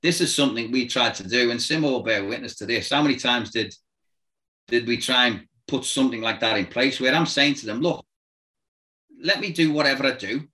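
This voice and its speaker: Ex football boss telling stories, bright punchy voice, keeps doing the voices and sounds, cracks himself up. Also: male voice, mid-range voice, a little fast, poor audio. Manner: animated anecdotes, acts out voices and sounds, laughs often. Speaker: former football manager. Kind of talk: casual storytelling chat.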